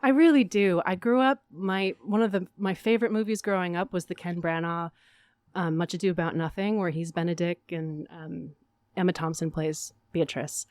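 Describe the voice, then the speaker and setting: A woman from Arizona chatting as a guest in a radio interview, upbeat and quick to laugh at herself. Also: fairly low pitch, fairly even intonation, darkish tone, no echo. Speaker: guest, stage actor. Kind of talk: casual interview chat.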